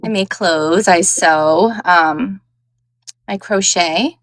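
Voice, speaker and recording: A woman's voice: fairly low pitch, drawn-out words, fairly bright tone, no echo. New york lady guest, casual rambly chat, lots of likes and ums, dry close sound. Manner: chatty, frank, heavy with "like" and "um". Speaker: guest audiobook narrator.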